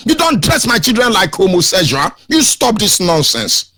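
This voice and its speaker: High, lively, husky Nigerian preacher-like man. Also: normal speed. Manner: emphatic, sermon-like, sing-song rises. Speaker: radio show host. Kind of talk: preachy radio commentary.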